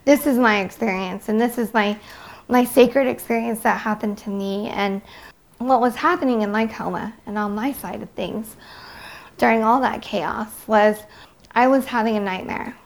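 A woman giving an earnest, halting personal testimony, reflecting slowly as she recalls what happened to her. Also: on the high side, gravelly. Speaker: near-death experience witness.

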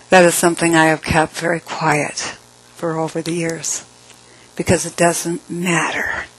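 A middle-aged woman telling her own story in an emotional personal testimony, often dropping to a soft hush. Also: lowish voice, poor audio.

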